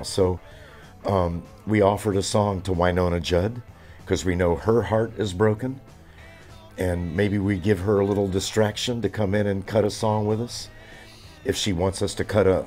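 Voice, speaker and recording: A man in his seventies with a very low, deep voice, telling stories in an interview. He rambles, with plenty of fillers and restarts, and sounds enthusiastic. Faint music plays behind him. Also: dark tone. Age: 70s. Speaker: drummer.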